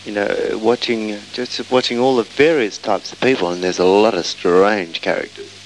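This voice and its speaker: A man's voice: fairly low pitch, steady tone, moderate pace, slight background noise, poor audio. A man telling a casual, meandering travel anecdote. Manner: rambling, meandering storytelling.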